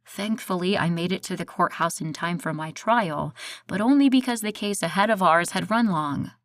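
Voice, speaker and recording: A woman's voice: fairly low pitch, normal speed, no room sound. Woman narrating an audiobook, dry close sound. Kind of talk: first-person audiobook narration.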